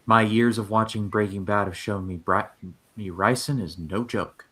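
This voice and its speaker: Low-voiced man with wry quips. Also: steady tone, moderate pace, fairly bright tone. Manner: wry one-liners. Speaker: podcast co-host. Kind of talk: casual TV recap chat.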